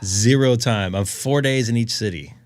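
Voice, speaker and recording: A man's voice: medium pitch, normal speed, no echo, faint music behind. A man hosting a ham radio live stream, chatting in a rambling, jokey way and laughing often. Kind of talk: casual chat on a live stream.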